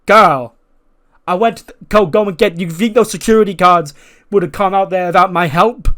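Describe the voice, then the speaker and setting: Dude voicing a sassy woman champ, kinda high, brushes everyone off. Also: fairly even intonation, brisk, fairly bright tone, natural voice. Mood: dismissive. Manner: sassy, dismissive. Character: brash sassy female wrestling champion.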